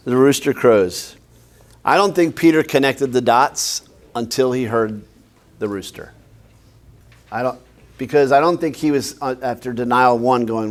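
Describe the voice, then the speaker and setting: A man's voice: medium pitch, normal speed. A man, a pastor, teaching a Bible class in a conversational way, often quizzing his listeners with questions.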